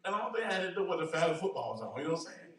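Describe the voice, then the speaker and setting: A man hosting a church talk show, telling a story in a lively, dramatic way with laughter. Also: on the high side, very fast. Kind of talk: animated storytelling in casual chat. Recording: roomy sound from a distant mic.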